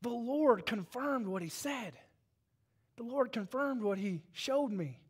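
A man in his forties, a pastor, preaching a sermon with dynamic swings from hushed to loud and fervent. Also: very high voice, lively intonation, takes it slowly, husky.

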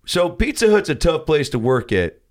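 A man's voice: a little high, sing-song, normal speed. A man playing a brash, crude older male TV doctor hosting a talk show, rambling and leering. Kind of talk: improvised comedy sketch.

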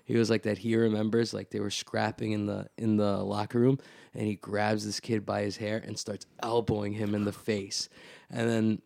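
His voice is gravelly and fairly low, his pace moderate, and the studio recording has no echo. Spinning a yarn on a casual podcast, he leans heavily on "like," swears a lot, and plays out others' lines himself.

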